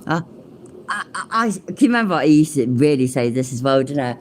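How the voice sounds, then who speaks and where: A woman's voice: extremely low pitch, fast talker, slight background noise. A woman hosting a reaction commentary, blunt, sweary and mocking. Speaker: commentary channel host.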